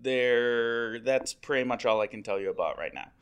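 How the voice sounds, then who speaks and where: A man's voice: mid-range voice, normal speed, smooth, lo-fi sound. A man, an editor, chatting casually on a podcast, self-deprecating and full of fillers and restarts. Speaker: website editor. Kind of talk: casual chat.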